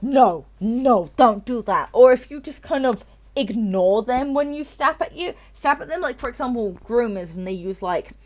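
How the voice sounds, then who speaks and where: Animated, tipsy woman ranting on stream. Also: a little high. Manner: rambling and profane, repeats herself. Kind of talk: casual chat on a live game stream.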